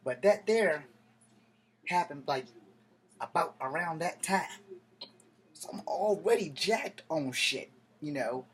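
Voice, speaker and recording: A man's voice: on the high side, expressive, slow, pauses often, husky. A man in his thirties telling a story to camera, rambling and heated, with plenty of cursing. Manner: profane, heated, digressive street talk. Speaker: vlogger.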